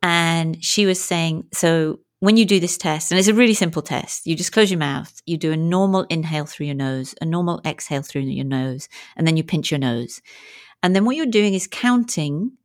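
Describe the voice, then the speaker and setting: A woman coach speaking as an interview guest, telling stories in an animated, frank way and acting out what people said. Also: low voice, normal speed. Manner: animated and frank, acts out quoted speech. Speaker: guest, movement and breathwork coach. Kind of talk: conversational interview storytelling.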